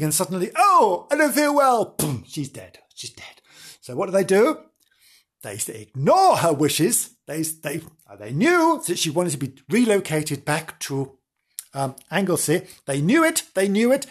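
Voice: medium pitch, husky. A podcast host telling a ghost story in a theatrical, gasping way, often repeating words and breaking off mid-sentence. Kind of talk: casual ghost-story narration.

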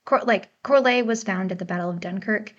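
Brisk and medium-pitched, this American woman co-hosts a book podcast through a dull lo-fi mic. The discussion is casual and chatty, with frequent laughter and moments of uncertainty about how to pronounce things.

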